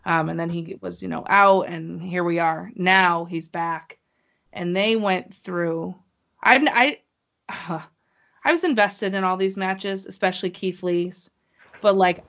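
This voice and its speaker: A woman hosting a podcast in casual chat, excitable and playful, with ring-announcer flourishes. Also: fairly low pitch, unhurried, gravelly. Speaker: podcast host. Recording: dull lo-fi podcast audio.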